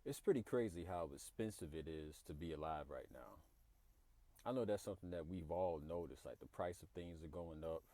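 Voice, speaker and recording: Man, low pitch, dark mellow tone, dry close sound, earnest explaining. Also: animated, fairly quick, no room sound. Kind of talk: reflective commentary to camera.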